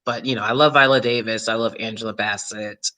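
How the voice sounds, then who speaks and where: A woman YouTuber and actor chatting casually to her viewers, animated and swearing freely, breaking into loud shrieks and laughs. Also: rumbling low, fairly quick. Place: New York City.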